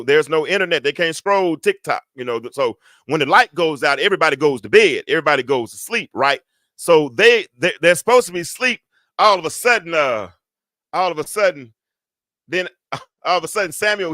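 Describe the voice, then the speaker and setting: A man hosting a podcast, teaching from the Bible in a preacher's cadence, repeating phrases for emphasis and slowing down to read scripture. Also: a little high, sharp tone, no room sound. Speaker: podcast host.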